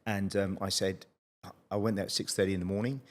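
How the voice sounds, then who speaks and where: Guy in his late 40s, podcast host, chatty storyteller, lowish voice. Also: little pitch movement, fairly quick. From United Kingdom. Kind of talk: casual interview chat.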